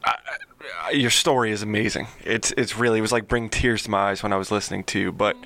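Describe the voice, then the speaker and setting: A man co-hosting a podcast who thanks the guest in a grateful, slightly halting way before asking his question. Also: lowish voice, gravelly, pushed and bright. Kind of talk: casual interview.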